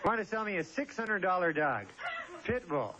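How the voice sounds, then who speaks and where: High-voiced deadpan young male comedian. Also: lo-fi sound, heavy background noise. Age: young adult. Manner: deadpan, rambling, drawn-out delivery. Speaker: stand-up comedian. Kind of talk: stand-up comedy set. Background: audience laughter.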